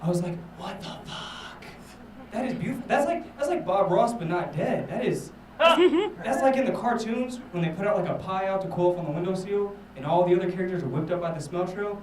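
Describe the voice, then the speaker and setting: A man's voice: high voice, expressive, brisk, roomy sound, far from the mic, slight background noise, low-quality recording. A man doing a rambling, self-mocking stand-up set, swearing a lot. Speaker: stand-up comedian. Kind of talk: stand-up set at a live show.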